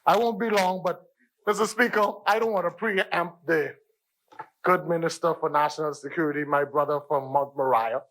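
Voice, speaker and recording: A Bahamian-accented man speaks in a parliamentary debate with a high, forceful voice. He drives his points home, circling back to the same phrases and addressing the chair again and again. He is in a parliament chamber. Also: steady tone, moderate pace, poor audio. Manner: emphatic, repeats "Mister Speaker" and phrases for stress. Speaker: member of parliament.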